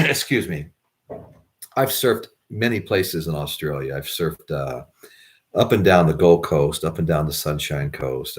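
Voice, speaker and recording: An American man, middle-aged, chatting casually to his viewers in a rambling way with many restarts. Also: a bass voice. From United States. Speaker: vlogger. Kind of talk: casual chat to camera.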